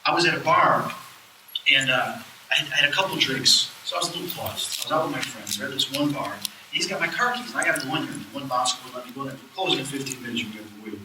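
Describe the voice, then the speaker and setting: A man's voice: mid-range voice, quick pace, background noise. A man giving a live lecture, telling stories casually and acting out the dialogue in them. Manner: animated, acts out quoted dialogue. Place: lecture hall at a live event. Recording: echoey room recording from far off.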